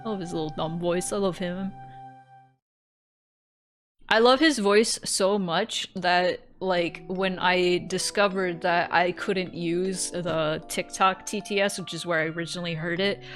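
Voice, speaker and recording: A woman's voice: lowish voice, fairly even intonation, unhurried, soft background music. A woman streamer chatting casually and rambling, giggling often and swearing freely while playing a game.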